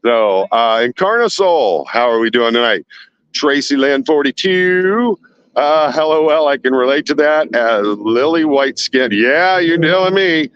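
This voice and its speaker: A man's voice: medium pitch, expressive, a little slow, a bit bright, muffled recording, a little hiss or hum. A man live-streaming outdoors at night from a handheld phone, sweating as he reads chat and fires off indignant rhetorical questions.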